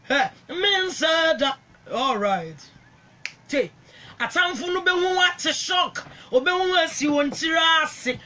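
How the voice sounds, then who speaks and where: Ghanaian woman, gospel singer, fervent half-sung radio prayer; bright, slow delivery. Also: extremely high pitch. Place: radio studio.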